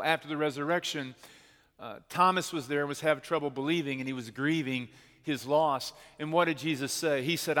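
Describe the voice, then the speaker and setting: A man preaching a sermon as pastor, telling a personal story in an earnest way and slowing down to stress key words. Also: on the high side, fairly bright tone. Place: church sanctuary. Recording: long hall reverb.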